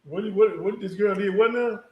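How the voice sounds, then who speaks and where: A man's voice: high voice, moderate pace, dull audio. A male podcast host chatting casually and laughing along with his guest. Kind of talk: casual chat. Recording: roomy, distant mic with crowd noise.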